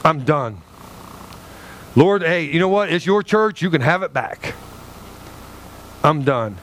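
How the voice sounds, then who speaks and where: High-voiced animated male preacher. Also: measured pace, a little hiss or hum. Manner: animated preaching, acts out dialogue with God. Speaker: pastor. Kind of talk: sermon.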